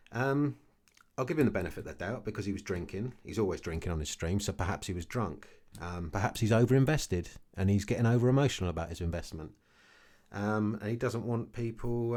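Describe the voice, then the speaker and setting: A man's voice: fairly low pitch, a little mellow. A man ranting casually to camera about his investments, blunt and repetitive, often tagging his points with "okay". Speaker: crypto vlogger.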